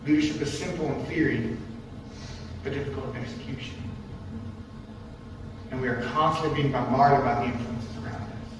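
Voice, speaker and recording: A man's voice: mid-range voice, fairly even intonation, moderate pace, long pauses, noisy background. Man preaching in an echoing church. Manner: emphatic, repetitive, rhetorical questions. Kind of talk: sermon. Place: church sanctuary. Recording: distant mic in an echoey church hall.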